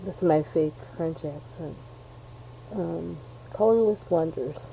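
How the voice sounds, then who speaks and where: An American woman from New York State rambles through an art-supply unboxing, stopping for ums and self-deprecating asides. Her voice sits low and sounds mellow and soft. A faint hiss runs underneath. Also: unhurried, low-quality recording. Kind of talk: rambling casual chat.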